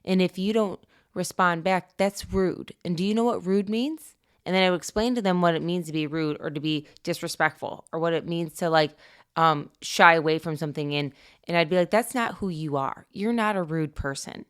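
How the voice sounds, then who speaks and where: Low, smooth-voiced middle-aged woman chatting. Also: fairly even intonation, fairly quick. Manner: earnest, confident, talks in long flowing run-on thoughts. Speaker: parenting podcast co-host. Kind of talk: casual conversational advice.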